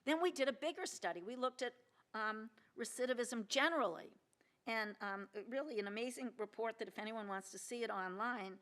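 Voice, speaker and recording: An older woman speaks at a podium microphone in a lecture hall, giving a keynote. Her voice sits a touch high for a woman. She talks earnestly and stresses key points, stumbles into restarts and fillers, and puts questions to the audience. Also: fairly quick, few pauses, fairly bright tone. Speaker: keynote speaker, federal judge. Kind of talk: conference keynote speech. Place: lecture hall at a law symposium.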